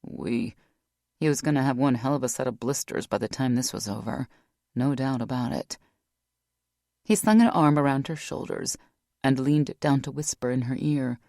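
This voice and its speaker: A woman narrating an audiobook in a wry, measured storytelling manner. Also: rumbling low, mellow, no echo, studio quality. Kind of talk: scripted narration.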